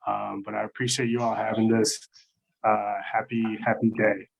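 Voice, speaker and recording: A man's voice: lowish voice, level tone, normal speed, creaky, lo-fi sound. A man doing a stand-up set over a video call, rambling with lots of "like" and "um". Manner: rambling, filler-heavy, lots of "like" and "um". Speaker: stand-up comedian.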